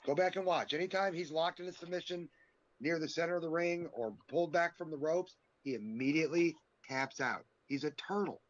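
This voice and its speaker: Male podcast co-host, heated and profane, higher-pitched voice, lo-fi sound. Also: brisk. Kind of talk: casual wrestling chat. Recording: dull lo-fi sound.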